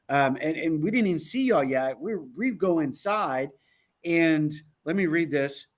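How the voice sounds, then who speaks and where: Male co-host, rather high voice, lively storyteller who acts out quotes. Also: measured pace. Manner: animated storyteller, acts out quotes, laughs often. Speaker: podcast co-host. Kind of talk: casual chat recounting a trip.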